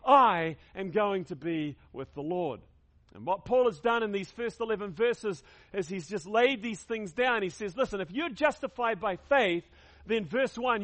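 A man's voice: high voice, animated, moderate pace, a bit bright. A man preaching a sermon to his congregation, emphatic, repeating key words and leading them in call-and-response. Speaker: pastor.

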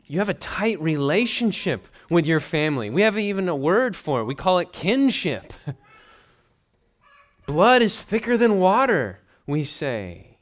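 A male preacher with a lively, swinging voice that sits a little high for a man. He reads scripture aloud, then breaks it down and puts questions to his listeners. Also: slow. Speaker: pastor. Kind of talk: expository sermon.

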